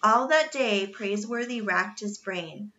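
A woman reading a children's novel aloud in steady narration. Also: medium pitch, measured pace, dull audio. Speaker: reader. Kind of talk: storybook read-aloud.

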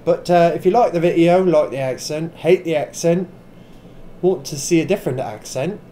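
A tipsy man hosting a VR gameplay video, talking in a put-on wandering British accent, with excitable exclamations and swearing at the game. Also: a little high, normal speed, a little hiss or hum. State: tipsy from drinking. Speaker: gaming channel host. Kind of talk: VR gameplay commentary.

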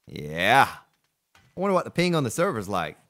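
A man's voice: mid-range voice, huge pitch swings, moderate pace, a bit bright. A male streamer giving playful live gameplay commentary, joking with his chat and thanking donors. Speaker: game streamer.

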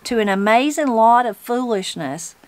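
A woman's voice: fairly high pitch, animated, moderate pace, no echo, close to an everyday voice. A woman with a Southern Appalachian accent voicing a sorrowful, blunt, tall man in his sixties in a storybook reading. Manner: mournful, blunt and terse.

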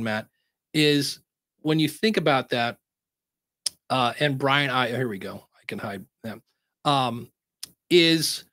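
A man teaching podcasting in a casual webinar, chatting and acting out quotes in a higher voice. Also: fairly bright tone, no room sound, clean studio sound. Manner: conversational, acts out quotes in a higher voice. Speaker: podcast educator presenting a webinar.

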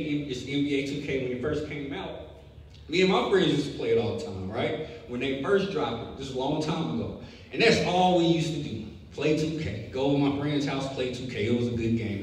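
A young man preaching a sermon, telling a lively story before building to emphatic preaching. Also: mid-range voice. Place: church sanctuary. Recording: echoey hall, distant mic, faint noise.

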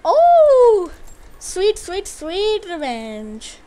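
Woman gamer, very high and bright voice, hyped trash-talk commentary over gameplay. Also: moderate pace. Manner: excitable trash-talk, yelling at opponents.

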